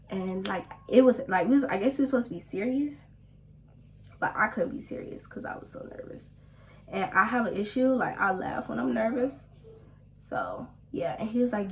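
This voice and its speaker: A young woman telling a story casually while she does her makeup at home, often dropping to a hushed whisper. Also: medium pitch, slight background noise. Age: young adult. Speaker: vlogger. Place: at home, doing makeup at a small mirror.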